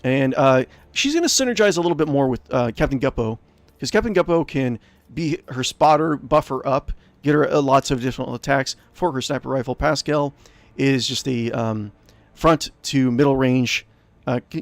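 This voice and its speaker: A man's voice: medium pitch, moderate pace, dry recording. A man casually commentating his own video game playthrough, rambling with lots of fillers. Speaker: let's play host.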